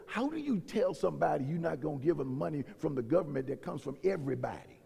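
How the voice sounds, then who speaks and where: A man's voice: fairly high pitch, animated, fast talker, creaky, hardly any pauses, dark tone, breathy edge. A male pastor preaching a sermon, building in intensity and voicing the people he quotes. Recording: long reverb of a large hall.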